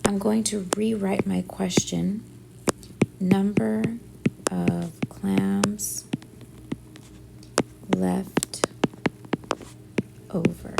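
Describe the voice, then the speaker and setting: A woman teacher working through division word problems step by step, thinking aloud and often dropping to a soft near-whisper. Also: fairly low pitch, vocal fry, heavy background noise. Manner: thinks aloud step by step, often softly under her breath. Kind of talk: math lesson walkthrough.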